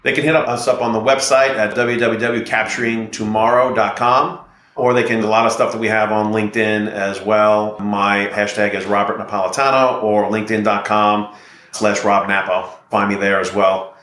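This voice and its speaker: A man's voice: on the low side, flat delivery, moderate pace, a bit bright, echoey room. A middle-aged man, a real estate investor and podcast guest, talking in a confident, persuasive way. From United States. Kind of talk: podcast interview storytelling.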